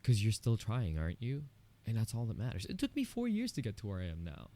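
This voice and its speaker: A man with a lowish, mellow voice speaks in a solo podcast monologue. He sounds earnest and candid, encouraging listeners directly. He talks casually, with plenty of "you know" asides. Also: huge pitch swings, fast. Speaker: podcast host.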